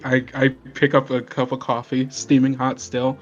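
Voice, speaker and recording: A man's voice: medium pitch, monotone, normal speed, hardly any pauses, muffled recording, faint music behind. A man playing a tabletop game, placating and soothing in character. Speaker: player.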